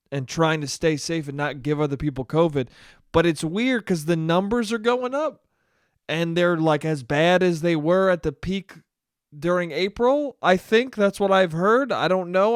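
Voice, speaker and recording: Man, podcast host, solo comedic monologue, rambling, profane, self-deprecating, smooth voice, dry close mic. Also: high-pitched, no echo.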